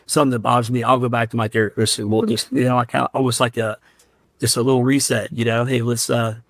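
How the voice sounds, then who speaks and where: A man from Central Ohio talks as a podcast guest, earnest and heartfelt. His voice sits at an ordinary middle pitch. The sound is dry and close, with no room around it. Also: level tone, fast talker, dry recording. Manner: earnest and heartfelt, emotional while recounting. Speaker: firefighter and paramedic, podcast guest. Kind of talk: candid interview storytelling.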